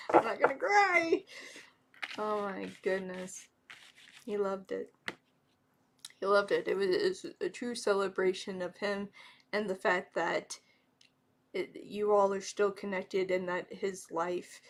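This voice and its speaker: A woman's voice: mid-range voice, creaky. A woman in her thirties doing a live tarot reading, chatty and emotional, talking to the cards and to spirits. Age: 30s. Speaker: tarot reader. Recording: noisy home stream with card shuffling.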